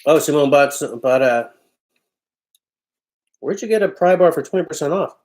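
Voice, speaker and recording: A fairly high-pitched man with a darkish tone talks at a normal speed while hosting a livestream from home. He chats casually and reads viewer comments in a loose, offhand way, often breaking into laughter.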